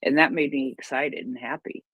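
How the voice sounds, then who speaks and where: A host on a Twitter Space eagerly reads out news reports and then asks questions. The voice is mid-range and slightly rough, with fairly even intonation and a moderate pace. The lo-fi online audio sounds dull and dry, without echo.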